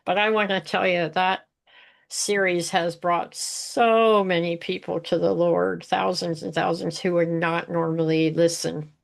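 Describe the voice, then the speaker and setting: A woman hosts a faith podcast, speaking low with a gravelly fry in her voice. She tells stories with animation, often laughing and putting on voices. The talk is relaxed and conversational. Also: measured pace. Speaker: podcast host.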